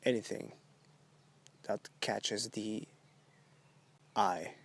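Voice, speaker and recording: A man hosts a solo podcast monologue with a gravelly, creaky edge to his voice. He talks at a very slow crawl, rambling and halting through drawn-out phrases. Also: fairly low pitch, fairly even intonation, fairly bright tone. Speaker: podcast host.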